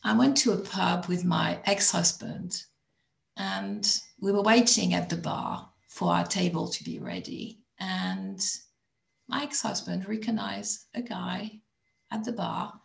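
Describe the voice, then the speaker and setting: A woman speaks in a calm, measured way, thinking aloud as she tells a story from her own life. Her mid-pitched voice has a gravelly fry to it. The video call picks up a roomy echo around her. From not from England. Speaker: chat panelist.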